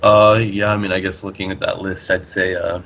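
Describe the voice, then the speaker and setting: A man with a very deep, flat, gravelly voice talks as a guest on a casual webcast. He weighs his words slowly, with hesitant fillers. His lo-fi call audio sounds dull and carries faint noise. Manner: thoughtful, measured, hesitant fillers. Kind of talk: casual podcast chat over a call.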